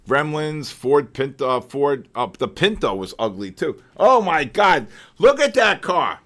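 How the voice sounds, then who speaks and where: Older guy hosting a trading livestream, kinda high voice, excitable, jokes around between chart calls. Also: a little slow. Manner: excitable, joking storyteller with loud exclamations. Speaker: trading session host. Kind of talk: live trading commentary and casual chat.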